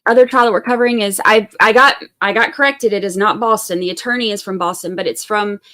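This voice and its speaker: A woman's voice: mid-range voice, fast talker, sharp tone. A woman from Georgia, hosting a true crime live stream and chatting casually with viewers in a rambling way. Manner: chatty and rambling, full of fillers and asides.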